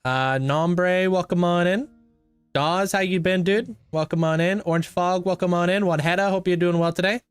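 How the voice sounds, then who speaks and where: A man's voice: sits high, steady tone, normal speed, clean tone, dry recording, soft background music. A young man livestreaming a game, chatting casually and greeting viewers by name. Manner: laid-back, thanks and greets viewers by name. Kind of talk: casual chat with live viewers while playing.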